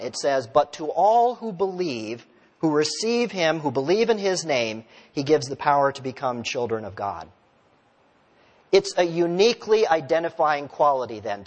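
A male pastor preaching a sermon in a relaxed, conversational way, telling stories and asking the congregation questions. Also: fairly high pitch. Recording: long reverb of a large hall.

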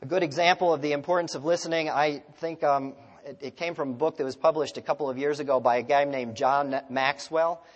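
A male pastor delivers a sermon in a fairly high voice. He tells stories, puts rhetorical questions to the congregation, and shifts between strong emphasis and near-hushed phrases. His words ring out in a large hall with a long reverb tail. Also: fairly even intonation, brisk, hardly any pauses, lo-fi sound.

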